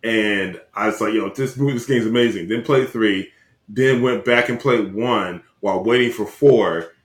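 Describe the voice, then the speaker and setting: A man's voice: lowish voice, moderate pace. A young man co-hosting a podcast, bantering casually and teasing his friend with playful indignation. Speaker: podcast co-host. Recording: roomy echo.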